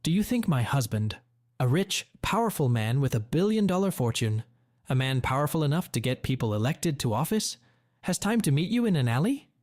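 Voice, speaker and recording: A man voicing a cold, scornful, wealthy middle-aged woman in a story reading, sharp in tone. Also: medium pitch, very animated, brisk, dry recording, clean studio sound, lightly acted.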